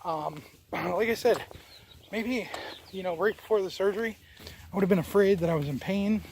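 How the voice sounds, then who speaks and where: A high-sitting, darkish-toned male voice at normal speed comes from a New Jersey vlogger walking outdoors with a handheld camera. There's a little hiss or hum, and he rambles, restarting and using lots of fillers.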